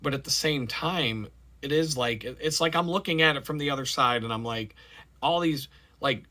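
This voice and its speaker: A man vlogging in a rambling, animated personal monologue with many fillers. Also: medium pitch, normal speed.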